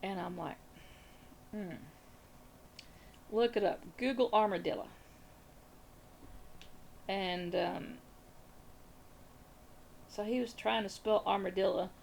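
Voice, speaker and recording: Gravelly-voiced Southern woman telling a story. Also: mid-range voice, slow, long pauses, a little mellow, a little hiss or hum. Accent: Southern American. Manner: rambling, chatty, repeats phrases. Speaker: crafting vlogger. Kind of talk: casual storytelling chat.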